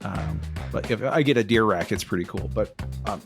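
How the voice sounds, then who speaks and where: A man's voice: on the low side, moderate pace, vocal fry, over music. A man co-hosting a podcast who tells a rambling, self-deprecating story in casual chat. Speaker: podcast co-host.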